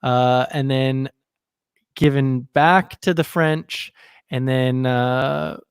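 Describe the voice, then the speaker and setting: A man from Canada talking casually on a video call, relaxed and rambling with plenty of fillers. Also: mid-range voice, extremely slow, clear, resonant tone, no room sound, clean studio sound. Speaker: guest presenter, local correspondent. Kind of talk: casual livestream chat.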